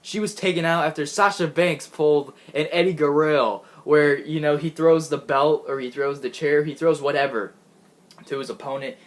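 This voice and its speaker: A man's voice: a little high, fairly even intonation, moderate pace. Chatty man recapping a show. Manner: chatty, giggly, rambling with restarts. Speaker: wrestling show reviewer. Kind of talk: casual recap commentary.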